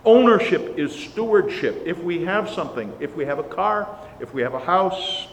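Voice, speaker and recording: A man's voice: high voice, expressive, normal speed. A man preaching a sermon in an earnest, emphatic way, pushing up hard on the words he stresses. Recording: long reverb, faint background hiss.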